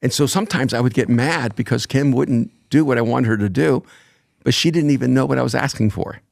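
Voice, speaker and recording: An older man in his sixties talks as a guest on a podcast, unhurried and reflective. His voice sits at an ordinary middle pitch, and he shapes his thoughts with care, like a practiced storyteller. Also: vocal fry, darkish tone. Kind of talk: reflective conversation.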